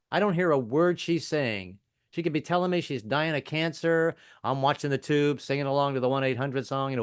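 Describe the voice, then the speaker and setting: A middle-aged man performs a stand-up set over a video call. His voice is smooth and resonant, and it is dry and close to the mic. He tells stories and drops into quick voices of the people in them. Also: medium pitch, dry recording. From American South. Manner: storytelling, doing quick voices of family members. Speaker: stand-up comedian.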